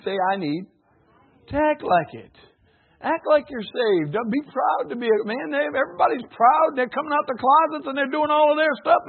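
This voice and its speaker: A man preaching a sermon, swinging between loud exclamations and quiet asides, often chuckling. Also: very high voice, phone-quality sound.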